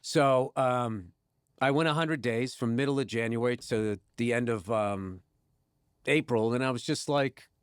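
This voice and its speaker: A man guest in a casual podcast chat, telling stories with lively restarts and laughs, turning soft and low when reflective. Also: unhurried, clear, resonant tone, no echo, studio quality. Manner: animated storyteller, frequent restarts and laughs.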